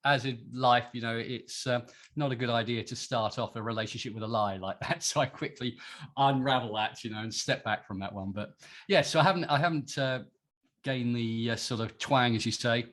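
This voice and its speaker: A man's voice: mid-range voice, fairly quick, a bit bright. A middle-aged British man, a guest in a casual interview, chatty and self-deprecating, laughing often and restarting his sentences. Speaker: podcast guest, entrepreneur.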